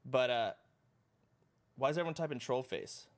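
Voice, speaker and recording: A man at medium pitch and normal speed spins a meandering, foul-mouthed tale for his live stream chat, keeping it relaxed and lively.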